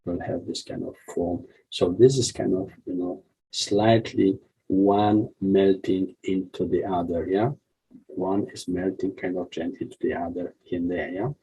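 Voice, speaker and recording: Man, husky dark voice, rambling tutorial instructor. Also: level tone, measured pace, rough recording. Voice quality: deep gravelly husky voice. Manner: rambling, frequent "yeah?" and "you see" checks. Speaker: art instructor. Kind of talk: drawing tutorial walkthrough.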